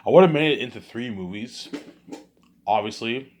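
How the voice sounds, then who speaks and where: A man's voice: mid-range voice, expressive, normal speed, a little hiss or hum. A man talking in a casual vlog monologue, rambling and often repeating words and restarting his sentences. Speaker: vlogger.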